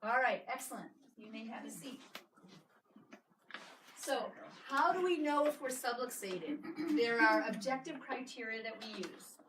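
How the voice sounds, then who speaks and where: A high-voiced woman leads a live clinic workshop, upbeat and coaxing, always checking in with the audience. The sound is roomy and echoey. The mic sits some distance away, with faint noise underneath. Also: a little slow. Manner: energetic, coaxing, keeps asking "right?". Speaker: chiropractor giving a patient workshop. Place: clinic room with a small audience.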